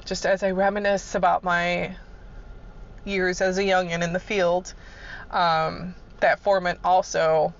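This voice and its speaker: A woman's voice: fairly low pitch, gravelly, muffled recording. A woman telling casual work stories in a laid-back, chuckling way, swearing freely. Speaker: vlogger. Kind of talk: casual storytelling.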